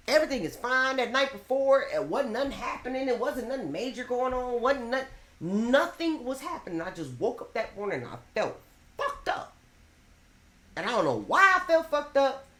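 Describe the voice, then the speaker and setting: A woman's voice: fairly high pitch, a bit bright, roomy sound. A woman telling her story bluntly and animatedly in a candid group chat, swearing freely. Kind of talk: candid group chat about mental health. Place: bedroom with others on a bed.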